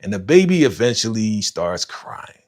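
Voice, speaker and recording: A man's voice: on the low side, moderate pace. Slangy man hosting a live reaction stream. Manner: animated, slangy, retells scenes with voiced quotes; talks to live chat viewers by name. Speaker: livestream host reacting to a TV episode. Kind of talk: casual live reaction commentary.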